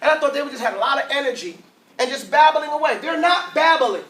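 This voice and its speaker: High, bright man teaching a class. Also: quick pace. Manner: lively, asks the class questions, drills sounds aloud. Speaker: Arabic teacher. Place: classroom with a group of students. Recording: roomy classroom, mic far off.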